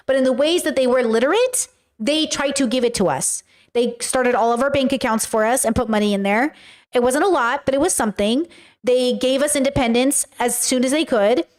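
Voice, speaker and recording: High pitched young woman on a livestream, talks straight to chat, blunt and animated. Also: brisk. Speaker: livestream host reading chat. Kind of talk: casual chat. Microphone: webcam or desk mic on a livestream.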